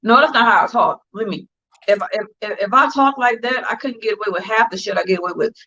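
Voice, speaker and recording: A woman's voice: mid-range voice, fast talker, bright, forceful tone. A woman telling a story in casual chat on a livestream, blunt and profane. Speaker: guest. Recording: dull lo-fi livestream audio.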